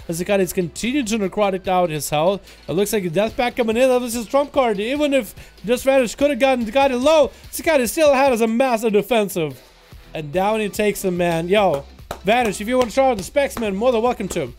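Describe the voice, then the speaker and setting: A young man casting a video game duel as rapid play-by-play commentary, excitable and hype. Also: high voice, soft background music. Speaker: game caster.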